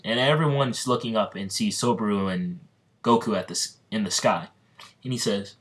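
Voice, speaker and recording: A man improvising a fan-fiction story, rambling and halting with lots of fillers, restarts and giggles. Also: lowish voice, fairly bright tone.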